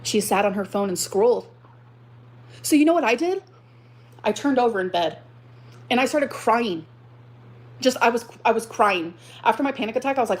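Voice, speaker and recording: A woman's voice: on the high side, animated, moderate pace, long pauses. A woman on a livestream telling how she was hurt, swearing often and repeating lines for effect. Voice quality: exaggerated dramatic repetition. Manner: profane, aggrieved, rising to outbursts. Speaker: livestreamer telling her story. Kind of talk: emotional venting on a livestream.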